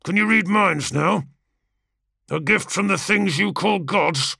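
A man voicing a battle-worn, brutal male warrior gladiator in an audiobook, gruff and blunt. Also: a little high, lively intonation, normal speed, sharp tone, dry recording, clean studio sound, full character voice. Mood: angry.

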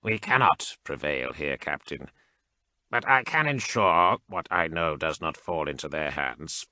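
Cold mechanized male cyborg priest, voiced by a male narrator; very deep, sharp edge, calculating. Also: no room sound, exaggerated voice. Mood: cold, detached. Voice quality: flat mechanical delivery. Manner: measured, clipped, unhurried formal speech. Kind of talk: audiobook character reading.

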